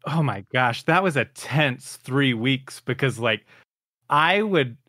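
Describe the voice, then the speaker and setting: A man's voice: medium pitch, expressive, slow, pushed and bright, dry recording, studio quality. A man, a game master, chatting casually as a podcast guest, playful and laughing.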